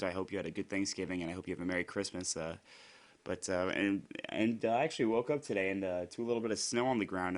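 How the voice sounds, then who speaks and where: A young esports commentator, slightly hoarse from being sick, does solo play-by-play in a low voice. He's chatty and rambling, filling in with frequent fillers and correcting himself.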